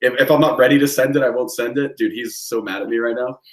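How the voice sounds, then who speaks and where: A man co-hosting a podcast, telling stories in an animated, swearing, casual way. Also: mid-range voice, fast talker, echoey room. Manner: animated storyteller, swears freely. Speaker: podcast co-host. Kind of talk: casual chat, storytelling.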